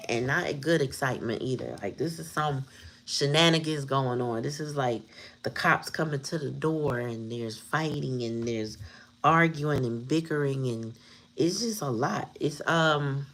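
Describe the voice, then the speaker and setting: A woman with a low voice gives a casual tarot reading. She talks bluntly, swears freely and laughs often. Faint room noise sits under her voice. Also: fairly bright tone. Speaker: tarot reader.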